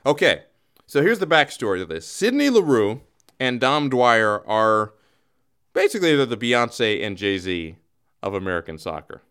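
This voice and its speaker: A male podcast host chatting casually, his pitch swinging up and down as he jokes. He rambles through his play-by-play in an easygoing way, sitting in the middle of the male pitch range. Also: sing-song, normal speed, a bit bright, smooth. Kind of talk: casual chat.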